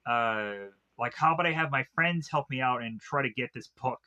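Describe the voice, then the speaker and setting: A man's voice: mid-range voice, normal speed, sharp tone, pitched below the performer's own voice. Ickis, a man doing a fretting young monster. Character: young male monster, anxious slacker student.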